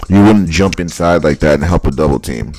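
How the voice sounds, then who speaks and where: A man breaking down football highlights in casual commentary, blunt and exasperated, repeating his points. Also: brisk, darkish tone. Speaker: football film analyst.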